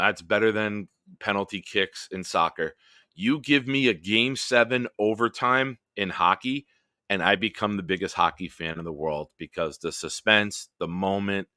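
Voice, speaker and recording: A man's voice: deep voice, sharp tone, no room sound, clean studio sound. A man hosting a live-stream sports chat, ranting profanely and heatedly, then chatting with viewers. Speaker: host.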